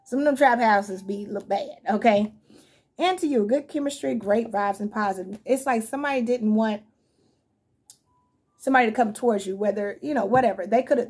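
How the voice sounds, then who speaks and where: A woman's voice: fairly high pitch, darkish tone, breathy edge. A woman giving a casual tarot reading, talking bluntly and profanely in a chatty way and laughing often. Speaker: tarot reader.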